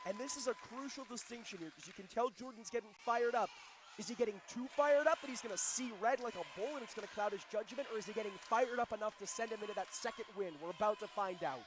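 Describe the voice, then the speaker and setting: High-pitched excitable wrestling commentator man. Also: fast talker, noisy background. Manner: excitable, shouts big moves.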